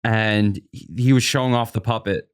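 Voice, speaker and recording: A man chatting as a podcast guest in a studio, animated and telling stories. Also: fairly low pitch, moderate pace, smooth, no room sound. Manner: animated storyteller, acts out quotes. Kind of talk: casual chat. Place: recording studio.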